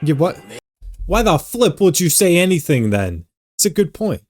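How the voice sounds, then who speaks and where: Animated young man reacting to anime. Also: a little high, normal speed. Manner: animated, exclaiming and stammering. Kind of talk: casual reaction commentary.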